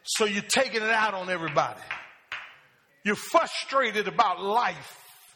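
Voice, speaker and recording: Man preaching, very high voice, unhurried delivery, call-and-response questions, church sanctuary. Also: expressive, pushed and bright, long reverb tail. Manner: asks the congregation questions and calls for answers. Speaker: pastor.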